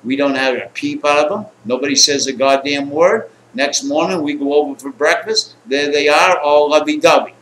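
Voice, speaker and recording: A man's voice: fairly high pitch, normal speed, hardly any pauses, slight background noise. A man telling a rambling, profane personal anecdote, acting out the people in it. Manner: rambling, coarse, animated quotes. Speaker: storyteller. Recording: echoey room, faint ambience.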